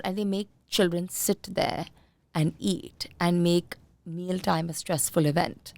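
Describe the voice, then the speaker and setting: Woman, parenting coach, podcast guest, calm coaching tone, gravelly, dry room. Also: lowish voice, unhurried, dry recording. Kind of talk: podcast interview.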